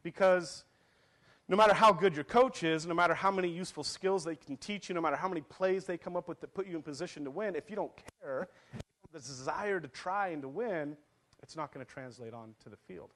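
A pastor in his thirties delivers a sermon in a slightly high voice. He tells a family story with laughter and acted quotes, then reads scripture to his congregation. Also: a little fast, fairly bright tone.

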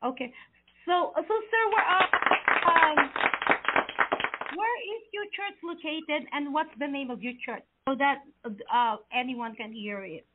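A woman's voice: high voice, a little slow, a loud crowd. A woman hosting a Christian call-in talk show, chatty, repeating words and using many fillers. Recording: tinny phone line with faint hiss.

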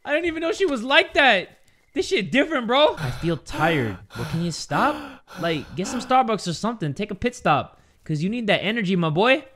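Young male gamer, let's play commentary, bright sharp tone, very animated pitch, prone to shouting. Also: moderate pace. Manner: excitable, frequent shouts and yelps. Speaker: gaming YouTuber.

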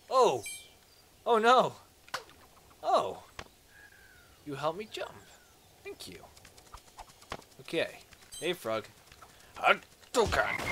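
A man narrates his gameplay in a slow, unhurried way, with his pitch leaping all over the place. He chatters playfully at the creatures on screen and bursts into excited shouts. The recording carries a clear layer of noise. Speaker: let's play host. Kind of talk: casual gameplay commentary.

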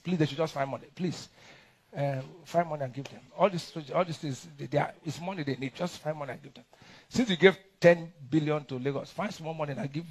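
A middle-aged Nigerian man with a Nigerian accent, preaching a sermon in an animated, mocking way with lots of repetition. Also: on the high side. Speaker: pastor.

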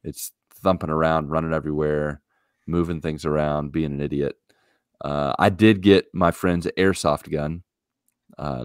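Super deep voiced guy on a podcast mic, animated, kinda exasperated, dry sound. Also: no echo. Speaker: podcast co-host. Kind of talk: casual chat.

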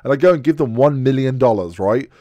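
A man's voice: medium pitch, lively intonation, fast, mellow, dry recording, lo-fi sound. A man hosting a podcast in casual chat, ranting bluntly and swearing freely. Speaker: podcast host.

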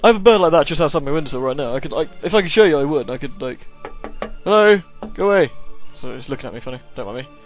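A man's voice: mid-range voice, expressive, rapid-fire, few pauses, soft background music. A man with a sore throat giving jokey, sarcastic commentary while playing a horror game. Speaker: let's play host. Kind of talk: gameplay commentary.

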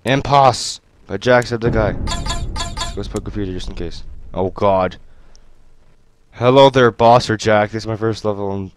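Excitable young man commenting on a game. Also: lowish voice, unhurried, long pauses, faint music behind. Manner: excitable, yelps and shouts at the game. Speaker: gaming YouTuber. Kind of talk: gameplay commentary. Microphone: headset mic.

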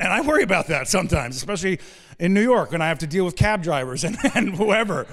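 A male pastor preaches with a high-pitched voice in a church sanctuary. He drives his points with loud, rising emphasis, then drops into quiet low asides and wry humor. A long reverb from the room trails each phrase. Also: animated, quick pace. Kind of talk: sermon.

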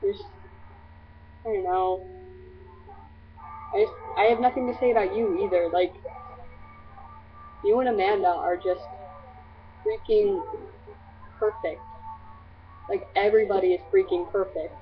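A woman's voice: mid-range voice, steady tone, measured pace, pauses often, slight background noise. Gushing teen girl on a tinny webcam. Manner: gushing, scattered, filler-heavy. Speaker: vlogger. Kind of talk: casual rambling vlog to friends.

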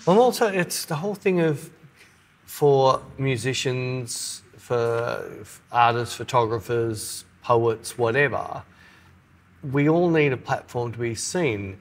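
A man's voice: medium pitch, slow. A middle-aged man, co-hosting a casual podcast chat and acting out little quotes as he tells stories. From Australia. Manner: animated storyteller, acts out quotes. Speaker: podcast co-host.

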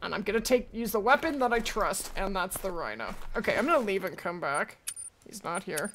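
Excitable woman streamer, lively pitch. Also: brisk, soft background music. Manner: excitable, chatty, talks to her chat and the game. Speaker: livestream host. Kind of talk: live gaming stream chat.

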